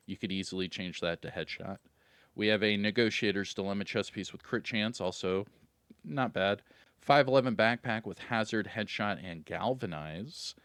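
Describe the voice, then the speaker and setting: A man's voice: fairly low pitch, fairly bright tone, no echo. A man hosting a gaming video, casually running through in-game vendor items and getting hyped about good loot.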